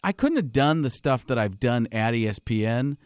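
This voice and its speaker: A man's voice: mid-range voice, expressive, moderate pace, smooth, dry recording, clean studio sound. A man who is a comedian guest in casual radio chat, rambling with frequent restarts and ready laughs. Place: radio studio.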